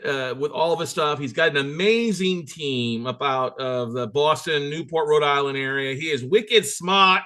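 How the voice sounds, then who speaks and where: Hyped-up bright-voiced male host. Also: on the high side, normal speed, hardly any pauses, clean tone. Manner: hyped, enthusiastic, emphatic. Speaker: podcast host. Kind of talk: energetic show interview.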